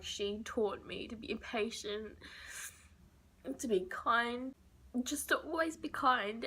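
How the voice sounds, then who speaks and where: A woman's voice: fairly high pitch, pushed and bright. A young woman vlogger telling a personal story while crying, her voice breaking into whispers. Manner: tearful, emotional, voice breaking into whispers.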